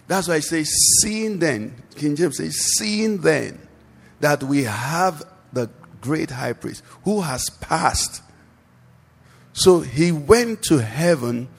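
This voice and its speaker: A man's voice: fairly high pitch, slightly rough. A man preaching a sermon as pastor at a church service, asking the congregation questions and leaving them to answer. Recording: long hall reverb.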